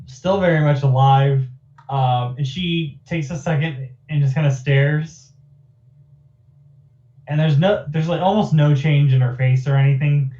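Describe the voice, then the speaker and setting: Relaxed game master, distant echoey mic. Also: male voice, on the high side, measured pace, lo-fi sound. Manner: loose, chatty narration with frequent fillers. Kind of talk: narrating a tabletop game.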